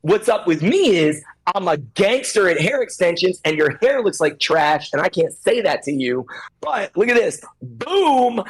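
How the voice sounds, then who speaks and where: A man's voice: fairly high pitch, lively intonation, moderate pace, few pauses, breathy edge, poor audio. A man speaking as the guest expert on a podcast chat, coaching stylists in an emphatic way and acting out little scenes. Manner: acts out little scenes in different voices.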